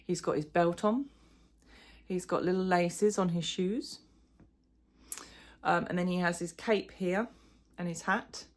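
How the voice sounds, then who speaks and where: A woman's voice: on the low side, fairly even intonation, measured pace, a little hiss or hum. A middle-aged woman chatting casually in a crochet vlog, rambling and self-deprecating, with plenty of fillers. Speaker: crochet vlogger. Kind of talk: casual chat.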